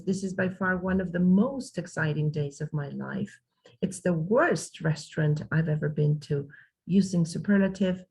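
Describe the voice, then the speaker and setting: Woman, English teacher from Mexico, low husky voice, patient step-by-step explaining. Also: darkish tone, poor audio. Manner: explains step by step with spoken examples. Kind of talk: online language lesson.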